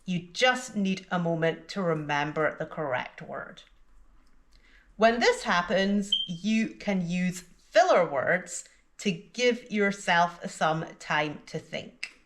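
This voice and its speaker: A woman teaching an English lesson in a slow, deliberate scripted delivery, with exaggerated intonation in her example sentences. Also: fairly low pitch, expressive, a bit bright.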